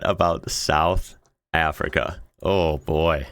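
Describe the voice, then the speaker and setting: A man's voice: deep voice, big pitch swings, a little slow, fairly bright tone, no room sound, clean studio sound. A man hosting a casual reaction video, reading comments aloud and often laughing in amused disbelief. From United States.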